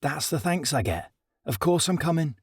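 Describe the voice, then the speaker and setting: Bloke doing a brisk no-nonsense army girl, lively voice. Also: on the high side, slightly rough, no echo, clean studio sound, voice pushed up. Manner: brisk, matter-of-fact. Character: practical down-to-earth young female soldier.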